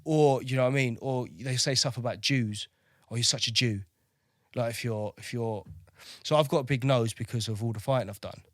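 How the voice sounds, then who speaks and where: Male navy veteran, thirties, mid-pitched, candid and profane, dry close recording. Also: brisk, a bit bright, no room sound. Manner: blunt, swears freely, keeps asking "do you know what I mean". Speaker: podcast guest, navy veteran.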